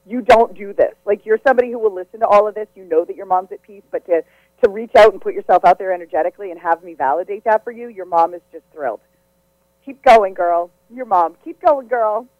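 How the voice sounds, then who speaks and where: A woman's voice: medium pitch, quick pace, no echo. A woman psychic medium talks through live radio readings in an effusive, giggly, chatty way. Her voice is close and dry on the studio mic. The broadcast sound is slightly dull.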